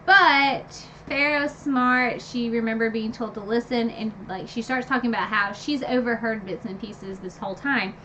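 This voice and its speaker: A woman casually retelling a fantasy novel's ending, animated and gushing, with lots of fillers and sudden high squeals when excited. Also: moderate pace, hardly any pauses, dull audio, a little hiss or hum. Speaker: book review vlogger. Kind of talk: casual book recap.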